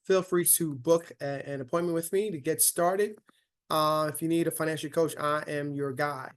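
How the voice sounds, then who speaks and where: A man's voice: fairly high pitch, steady tone, moderate pace, clean tone. Upbeat man coaching new investors. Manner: upbeat, talks to listeners with frequent "right?". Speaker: financial coach hosting an investing session. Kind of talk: casual online investing lesson.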